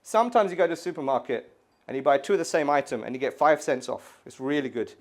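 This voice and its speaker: A man's voice: mid-range voice, fast, noisy background. A middle-aged man from England, performing a stand-up set in an exasperated, ranting manner with lots of swearing. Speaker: stand-up comedian. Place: art gallery stage, live audience.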